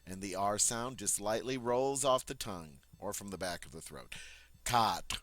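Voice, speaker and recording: A man teaching French pronunciation, repeating each word slowly and clearly before explaining it. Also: on the low side, animated, fairly bright tone. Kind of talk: pronunciation lesson.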